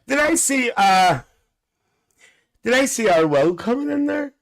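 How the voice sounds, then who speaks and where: A man's voice: extremely high pitch, big pitch swings, a little slow, creaky, heavily acted. A man playing a cheeky, gossipy Northern Irish aunty with a Northern Irish accent, hosting a live stream in chatty, bawdy banter full of cackles.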